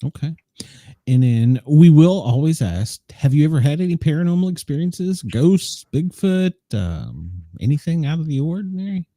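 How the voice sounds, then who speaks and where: A man hosting a podcast, asking relaxed conversational questions. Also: a little high, normal speed, no room sound, clean studio sound. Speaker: podcast host. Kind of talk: casual interview.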